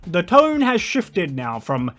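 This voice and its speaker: Lively joking commentary host, man. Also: high voice, slow. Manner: joking, rambling, sarcastic asides. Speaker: reaction video host. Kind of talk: casual commentary.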